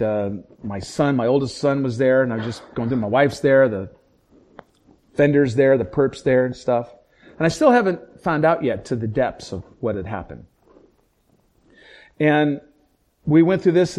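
A middle-aged man, a pastor, telling a painful personal story in conversation, acting out the dialogue and swinging from hushed, low tones to loud, raised outbursts. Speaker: pastor and police chaplain.

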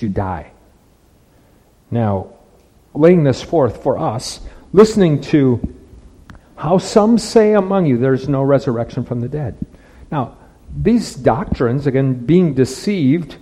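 A man's voice: on the high side, mellow, big-room sound, poor audio. A man preaching a conversational sermon as pastor, restarting phrases and asking rhetorical questions.

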